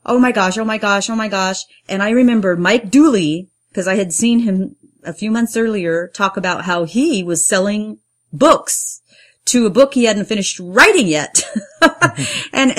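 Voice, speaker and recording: A middle-aged woman, a playwright and performer, telling her own story in an earnest way and getting lively when she acts out what people said. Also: medium pitch. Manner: earnest, animated when acting out quotes. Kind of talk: personal storytelling interview.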